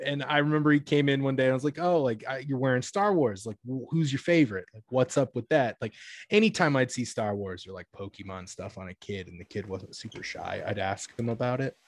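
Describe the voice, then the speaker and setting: A young man in his twenties telling stories about his cashier work in a rambling, casual way, full of "like" and restarts, and acting out the people he quotes with sudden high-pitched bursts and laughs. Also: brisk, no room sound. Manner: rambling, many "like" fillers and self-corrections. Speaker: retail cashier. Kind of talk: casual storytelling chat.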